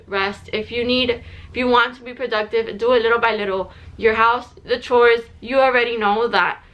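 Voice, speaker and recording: Here the same kind of pregnancy-update vlog comes through a higher-leaning voice with a sharp edge. The young woman talks casually to camera, slightly breathless, peppering her speech with "like" and starting sentences over.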